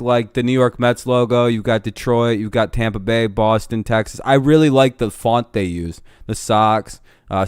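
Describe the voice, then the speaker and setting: A man's voice: medium pitch, clear, resonant tone, no echo, studio quality. A man hosting a live stream, chatting casually and arguing with lots of swearing while he watches a game. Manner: profane, argumentative, rambling. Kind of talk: casual chat during a game watch-along.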